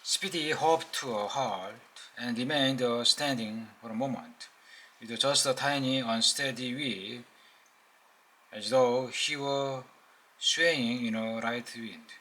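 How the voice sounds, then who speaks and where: A man with a Korean accent reading a novel aloud, slow and halting with small slips. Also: mid-range voice, bright, forceful tone, poor audio. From South Korea.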